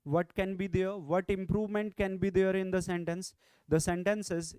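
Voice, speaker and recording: A man with an Indian English accent runs an online grammar class, his voice high-pitched and resonant. He repeats each point and keeps nudging viewers to comment. The sound is dry and close to the mic. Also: flat delivery, normal speed, a little mellow, clear, resonant tone, dry recording. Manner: repetitive, coaxing viewers to comment. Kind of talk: online exam-prep lecture.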